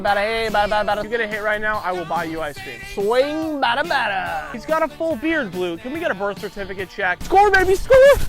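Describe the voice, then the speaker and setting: A man playing a loud, bossy baseball dad who heckles from the stands in a comedy sketch, over background music. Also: very high-pitched. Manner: yelling, bossy, rapid-fire sideline heckling. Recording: background music under the clip.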